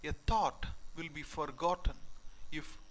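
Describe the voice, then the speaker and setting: A man giving a spiritual lecture as a teacher, speaking deliberately and posing questions to his listeners. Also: on the high side, steady tone, a bit bright, low-quality recording. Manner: slow, deliberate, questioning delivery.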